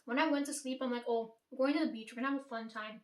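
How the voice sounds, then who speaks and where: A woman's voice: fairly high pitch, steady tone, rapid-fire. A young woman casually retelling a dream, rambling and swearing, with many "like" and "right?" asides. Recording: echoey room, voice far from mic.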